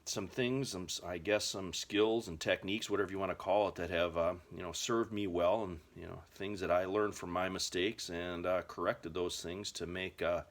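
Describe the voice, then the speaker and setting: Casual storytelling to camera from an American survival vlogger, who spins survival stories in a rambling, folksy way with plenty of filler words. His low voice stays steady, at a normal speed with few pauses.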